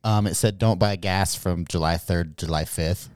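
A man's voice: deep voice, moderate pace, a little mellow, clean tone, no echo, studio quality. A young man co-hosting a casual podcast chat, loose and laughing, swearing often. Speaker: podcast co-host.

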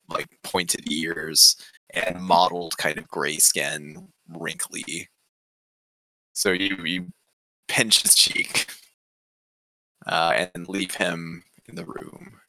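A man running a tabletop role-playing game as game master, describing scenes and asking the players questions in a relaxed way. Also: sits low, dry recording, rough recording.

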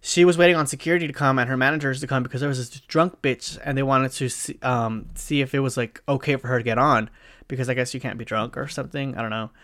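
A young man hosts his own podcast and tells an embarrassing story as a casual monologue, rambling and swearing, with lots of fillers and slang. His mid-range voice is fast, slightly bright, and fairly even in intonation.

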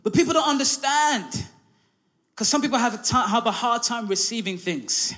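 A preacher with a high, light voice delivers a sermon. He mixes scripture with a funny personal story and keeps his listeners engaged with frequent calls of "come on now" and "amen". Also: animated, normal speed, sharp tone. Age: adult, married.

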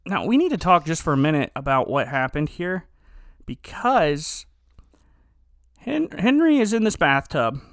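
A man hosting a podcast, telling stories in a casual comedic chat with animated, rambling energy. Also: a little high, a little slow, no echo, clean studio sound. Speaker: podcast host.

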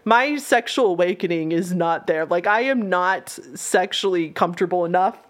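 A woman's voice: lowish voice, normal speed. A young woman co-hosting a podcast, chatting casually and telling stories with frequent laughter. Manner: chatty, laughing, animated storytelling. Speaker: podcast co-host. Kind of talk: casual chat.

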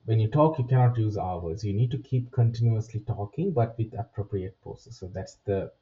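A male teacher walks students through speaking-test tips step by step, pausing to check in with a quick "right?". He sits a little back from the mic, and the recording sounds dull and lo-fi. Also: on the low side, dark tone. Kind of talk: spoken lesson. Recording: distant, muffled, lo-fi sound.

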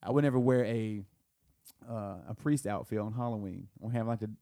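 A man's voice: lowish voice, a little fast, dark tone, no echo, clean studio sound. A man from the American South co-hosting a podcast, telling a family story in a rambling way with restarts and laughs. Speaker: podcast co-host. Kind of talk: casual chat.

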